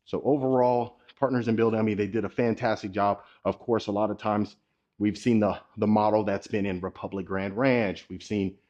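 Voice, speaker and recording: A man's voice: lowish voice, fairly even intonation, normal speed, a little mellow, highs cut off. A man hosting a casual walking tour of a model home, chatty and salesy, talking straight to his viewers. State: a bit out of breath. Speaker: real estate tour host. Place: inside and around a model home.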